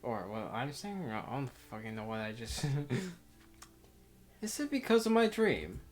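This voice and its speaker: Faint music sits behind a let's player who reads a visual novel aloud at a measured pace, his mid-range voice swinging widely in pitch. His commentary rambles, he keeps interrupting himself, and he laughs often.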